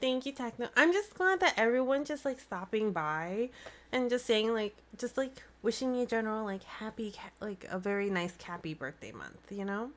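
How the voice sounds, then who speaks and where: A woman hosting a live stream, chatting in a bubbly, excitable way into a desk mic. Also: a little high, moderate pace. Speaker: livestream host. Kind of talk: casual live-stream chat.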